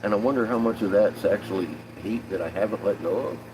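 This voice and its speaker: A man's voice: lowish voice, quick pace, noisy background. A man in his fifties talking candidly on a livestream, rambling and profane, often laughing and restarting his sentences. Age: 50s. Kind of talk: candid personal livestream talk.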